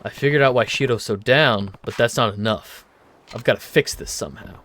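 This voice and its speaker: A man voicing a stern, gruff middle-aged man who speaks in a low, hushed, serious way. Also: a little fast, natural voice.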